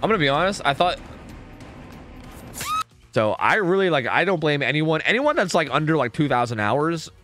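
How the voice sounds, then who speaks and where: Excitable swearing male game streamer. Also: a little high, normal speed, long pauses, music in the background. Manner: excitable, swears a lot, jokey. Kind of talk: casual gameplay commentary.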